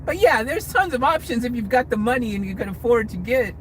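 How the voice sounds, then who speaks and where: A man's voice: extremely high pitch, animated, brisk, slight background noise, poor audio. A man from the United States chatting on a livestream Q&A, reading out comments and answering in a rambling, hedging way with lots of restarts. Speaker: vlogger answering live chat. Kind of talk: livestream Q&A chat. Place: inside a car.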